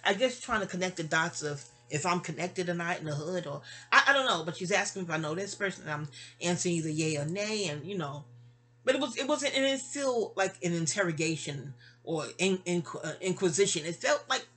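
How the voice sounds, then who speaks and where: A woman's voice: expressive, a little fast, fairly bright tone. A woman in her fifties from New York, casually telling a personal story with rambling asides and self-corrections. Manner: acts out remembered dialogue with raised pitch.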